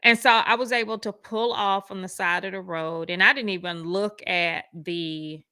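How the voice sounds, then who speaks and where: A woman casually telling a personal story, animated and acting out the voices of the people in it. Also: normal speed, smooth, no room sound. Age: adult with school-age kids. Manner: animated, acts out quoted voices with big pitch jumps. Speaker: speaker sharing a personal testimony.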